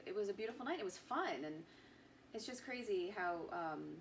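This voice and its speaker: Woman interviewer, lowish voice, conversational, off-mic, faint noise. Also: expressive, moderate pace, recorded from a distance.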